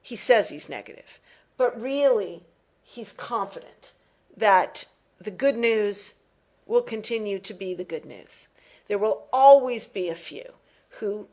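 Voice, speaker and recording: Woman teacher, unhurried close-reading lesson, mid-pitched voice, measured and explanatory. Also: animated, darkish tone, poor audio. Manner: slow, deliberate, pausing to explain and reread.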